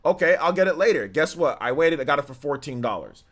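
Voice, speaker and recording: Male streamer, relaxed and slangy, chats with his viewers as if they were friends in the room. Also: a little high, quick pace. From United States. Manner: chatty, slangy, talks straight to viewers. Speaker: live-stream gaming host. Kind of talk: casual live-stream chat.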